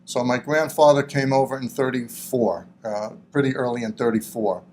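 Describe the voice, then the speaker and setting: A middle-aged man in an oral history interview, speaking reflectively and haltingly with frequent fillers. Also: mid-range voice, fairly even intonation, a little mellow.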